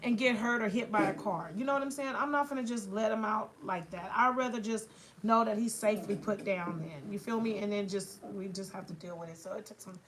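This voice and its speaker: A woman's voice: mid-range voice, brisk, crowd noise. A woman chatting casually in a nail salon, telling a long story in a rambling way, full of filler phrases. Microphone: phone livestream. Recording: clear nail sanding noise behind.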